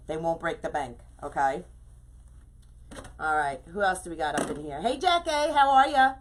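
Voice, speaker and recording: A woman's voice: deep voice, a bit bright. A middle-aged woman hosting a casual craft live stream, chatting effusively and greeting viewers by name as she works.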